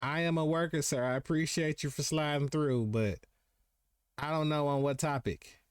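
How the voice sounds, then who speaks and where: A man's voice: on the high side, normal speed, clear, resonant tone, no echo, clean studio sound. A young man hosting a live podcast stream, telling stories in casual slang and acting out what people said. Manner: laid-back slangy storytelling, acts out quotes. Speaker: podcast host.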